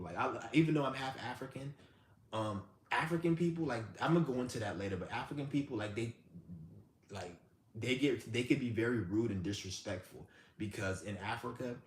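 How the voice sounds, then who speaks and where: Blunt, profane man ranting in a roomy space. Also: lowish voice. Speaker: live-stream host. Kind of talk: ranting storytelling. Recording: roomy with faint background hum.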